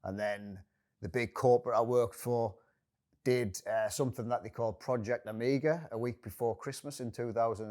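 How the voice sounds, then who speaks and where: A middle-aged man from North East England, a company director chatting in an interview, playful and self-deprecating. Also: fairly low pitch. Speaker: guest, managing director. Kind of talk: casual interview chat.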